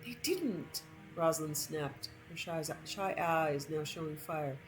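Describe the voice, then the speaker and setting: Woman reading a fantasy story out loud, lowish voice, faint music under it. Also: level tone, a little slow, low-quality recording. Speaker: narrator. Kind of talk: storytelling over gameplay.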